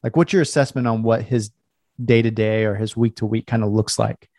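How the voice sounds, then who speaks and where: A man's voice: on the low side, fairly even intonation, brisk, darkish tone, no echo, clean studio sound. A man hosting a podcast interview, talking casually and enthusiastically, often laughing. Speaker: podcast host. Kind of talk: conversational interview.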